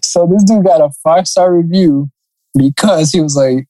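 A man's voice: on the high side, moderate pace, dark tone, no echo, rough recording. Laughing, swearing guy reading reviews aloud. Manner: laughs often, swears freely, sing-song reading. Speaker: podcast co-host. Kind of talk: casual chat reading funny reviews aloud.

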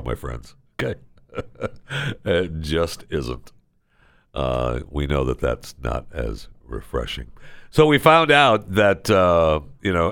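Ranting man host with a deep voice. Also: gravelly, fairly bright tone, no echo, clean studio sound. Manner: mock-outraged ranting, sarcastic. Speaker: podcast host. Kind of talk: casual comedic monologue.

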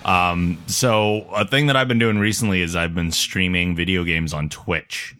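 Deep-voiced male podcast host. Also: normal speed, smooth. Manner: relaxed and chatty, with frequent fillers. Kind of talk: casual podcast chat. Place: podcast studio.

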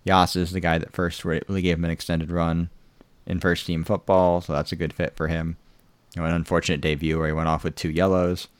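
A man's voice: deep voice, level tone, brisk, smooth, no room sound. A man hosting a casual podcast, rambling with many fillers such as "you know". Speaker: podcast host. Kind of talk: casual chat.

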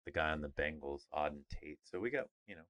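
A man's voice: extremely low pitch, lively intonation, quick pace, a bit bright. A man co-hosting a podcast, chatting casually about sports in an upbeat, rambling way with fillers. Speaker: podcast co-host.

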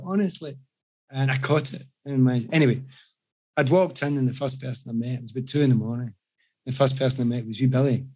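A Scottish man in casual chat, telling animated, self-mocking anecdotes to the room. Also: medium pitch, husky. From Scotland.

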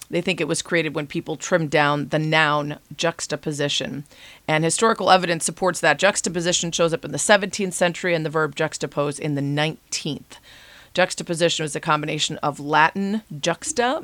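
A woman hosting a podcast, interviewing a guest and explaining word origins in a measured, explanatory way. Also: sits low, fairly bright tone, dry recording. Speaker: podcast host. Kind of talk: interview and scripted word-of-the-week segment.

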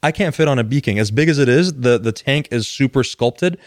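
A joking man co-hosting a casual chat, his pitch swinging widely and expressively. His voice sits at a middle pitch. It is recorded dry and close. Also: animated, a little fast, no echo. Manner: joking, laughs often. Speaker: podcast co-host.

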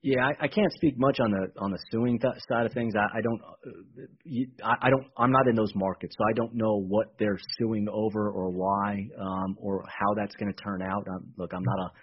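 A man talking casually in a radio interview, animated and repeating words as he explains. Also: on the low side, normal speed, husky, highs cut off. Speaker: baseball team executive guest.

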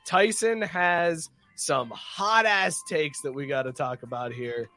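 A man's voice: fairly high pitch, slow pace, pushed and bright, dry recording. A man hosting a casual podcast chat over a call, teasing his co-hosts and reading out listener comments. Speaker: podcast host.

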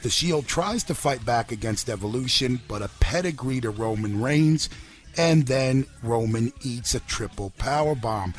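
Man briskly recapping wrestling. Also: medium pitch, lively intonation. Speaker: podcast host. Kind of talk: recapping wrestling show, casual chat.

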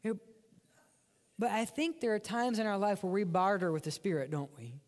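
High-voiced preacher in a reverberant church. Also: male voice, normal speed. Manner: dramatic preaching, dropping to whispers for emphasis. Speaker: pastor. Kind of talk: sermon. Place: church sanctuary.

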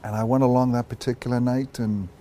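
A man's voice: mid-range voice, flat delivery, quick pace, warm tone, a little hiss or hum. A man in his sixties, born in Ireland, telling stories in a candid interview, reflective and self-deprecating, restarting his sentences often. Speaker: actor guest.

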